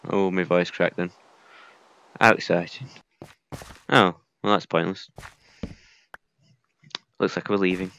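A man's voice: low voice, fairly even intonation, slow, long pauses, fairly bright tone, clear, resonant tone, muffled recording. A young man casually commenting while playing a survival game, muttering to himself with mild swearing. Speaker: gaming video creator. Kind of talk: casual let's-play commentary.

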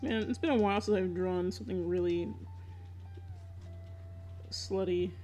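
A woman's voice: on the low side, unhurried, mellow, faint music behind. A young woman chatting casually on a live stream while she draws, laughing often, swearing freely and teasing her viewers.

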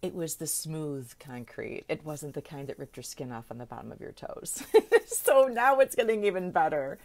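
A woman's voice: low voice, expressive, moderate pace, darkish tone. A middle-aged woman coach chatting casually on a live video, laughing often and checking in with "right?". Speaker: manifestation coach.

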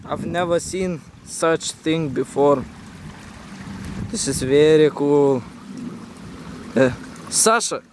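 A man's voice: on the high side, slow pace, pauses often, background noise. A man vlogging outdoors by a forest river, in a teasing, mock-dramatic way, talking to his viewers. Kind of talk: playful outdoor vlog commentary.

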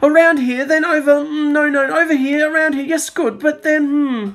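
A man's voice: very high voice, steady tone, moderate pace, fairly bright tone, pitched above the performer's own voice. A man voicing a bumbling, dithering male jungle guide from a storybook, who mumbles and keeps correcting himself.

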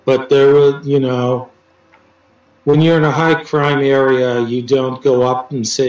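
A man tells his stories slowly, stopping often and restarting, with dry teasing. His voice sits back from the mic in a roomy space. The sound is a little dull, with faint music under it. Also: mid-range voice, little pitch movement, darkish tone, distant mic. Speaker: interview guest, poet. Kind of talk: casual storytelling interview.

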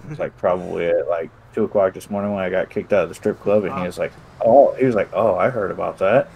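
Low-voiced man retelling a roleplay scene. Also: quick pace, gravelly, slightly rough, highs cut off. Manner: retells scenes by acting out both sides of dialogue, swears casually. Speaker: gamer recounting a roleplay session. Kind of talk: casual chat.

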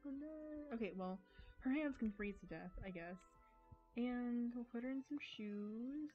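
An American woman chatting casually while live streaming a game, giggly, rambling and quick to poke fun at herself. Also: on the high side, animated. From United States. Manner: giggly, rambling, self-mocking. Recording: dull lo-fi stream audio with faint music.

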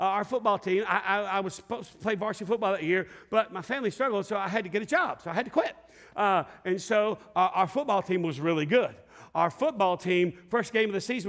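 A middle-aged man preaching a sermon, telling a story with lively shouts and laughter. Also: sits high. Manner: animated storyteller, acts out scenes with shouts and laughter. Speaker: pastor. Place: large church sanctuary. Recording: long hall reverb.

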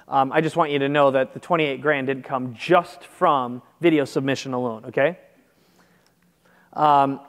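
A man's voice: on the high side, in a large hall. A man presenting a marketing seminar in a conversational way, often checking in with the audience. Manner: conversational, checks in with "make sense?". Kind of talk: seminar talk with slides.

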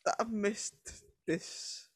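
A man's voice: very slow, no room sound. A young man, co-hosting a podcast in blunt, jokey, sweary casual chat. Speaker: co-host.

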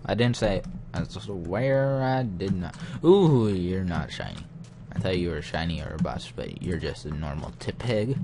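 A man's voice: sits low, expressive, unhurried, background noise. A young man muttering to himself as he comments casually on his game, getting easily frustrated. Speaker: gaming channel host.

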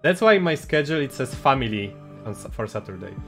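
A man streaming a game, chatting casually and excitably, reading chat and game text aloud. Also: medium pitch, fast. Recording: game music playing under the voice.

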